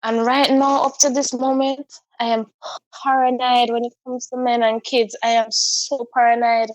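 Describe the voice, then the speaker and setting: A woman, a guest telling a personal story in a halting, heartfelt way with frequent repeats. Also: fairly high pitch, level tone, no room sound. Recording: dull, dry lo-fi recording.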